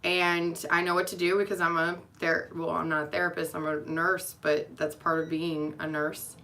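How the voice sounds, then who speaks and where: Speaking to friends and family in a personal vlog, a young nurse rambles candidly and with emotion, using lots of fillers. Her voice sits low, with a level yet sharp tone at a moderate pace.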